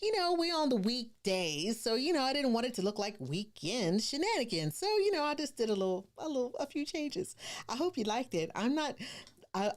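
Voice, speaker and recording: A lively woman hosting a live online class, her pitch bouncing high and low as she chats and teaches. She talks casually and fills her sentences with "you know" and "right?". Faint music plays behind her. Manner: bubbly and chatty, greeting viewers by name, frequent "you know" and "right?". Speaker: host of a live business branding series.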